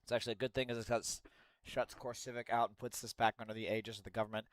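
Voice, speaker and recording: A man's voice: medium pitch, flat delivery, fast talker, dry recording. A young man live-streaming, reading news aloud and ranting with lots of swearing. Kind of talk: casual live-stream commentary.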